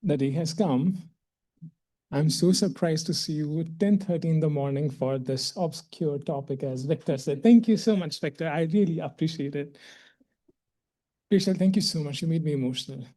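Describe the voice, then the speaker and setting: Male guest lecturer, warm and effusive, slightly high voice, repeats himself. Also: normal speed. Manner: effusive and emotional, repeats words while speaking. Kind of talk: public lecture.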